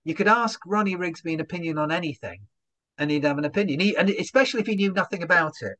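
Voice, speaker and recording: A man, a comedian guest in an interview, telling stories in an animated way and acting out little voiced asides. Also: a little high, fast talker. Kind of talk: conversational interview.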